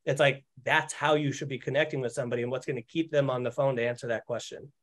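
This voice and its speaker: A man's voice: medium pitch, steady tone, fast. A man hosting a coaching conversation for agents, talking with blunt energy and casual swearing. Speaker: host.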